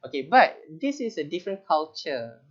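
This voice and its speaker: A man's voice: a little high, big pitch swings, normal speed, a bit bright, muffled recording. Chatty Malaysian man teaching writing. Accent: Malaysian English. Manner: chatty, joking, explanatory. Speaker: teacher trainer.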